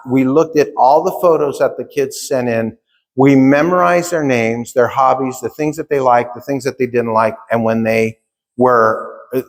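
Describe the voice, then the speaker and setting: A middle-aged man giving a motivational keynote at a conference, telling stories and acting out the dialogue as he talks straight to the audience. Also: medium pitch. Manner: animated storytelling, acts out dialogue, addresses audience directly. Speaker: conference speaker. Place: large conference hall. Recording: long hall reverb.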